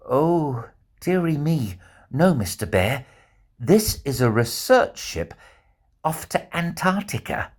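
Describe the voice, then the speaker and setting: A man voicing a kind, calm young woman researcher who speaks in a soothing, reassuring way in a children's storybook. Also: fairly high pitch, slow, full character voice. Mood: gentle, soothing.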